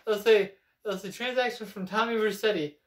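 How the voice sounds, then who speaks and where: A young man with a high-pitched, fairly evenly intoned voice talks fairly quickly in an echoey room. Co-hosting a casual gaming chat, he rambles self-assuredly about video games and claims insider knowledge.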